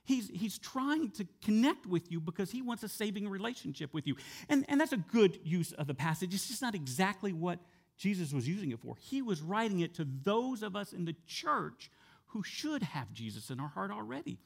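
A male pastor preaching a sermon in a conversational way, sometimes dropping soft and slow for emphasis. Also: high voice, big pitch swings, gravelly. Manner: conversational with fillers and repeated words.

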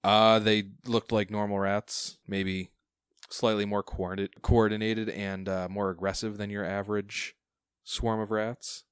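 A man runs a tabletop game as its game master, his voice sitting a little low. He describes the action in an easy, chuckling way, and the sound is dry with no room around it. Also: little pitch movement, a little slow, clean tone, no echo. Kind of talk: running a tabletop game over chat.

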